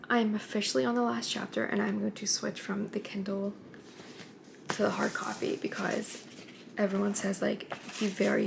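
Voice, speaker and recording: A woman's voice: mid-range voice, vocal fry, noisy background. A young woman in her twenties talking casually in a book vlog, chatty with many fillers, sometimes dropping to a whisper. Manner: chatty, filler-heavy, drops to whispers at times. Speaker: book vlogger.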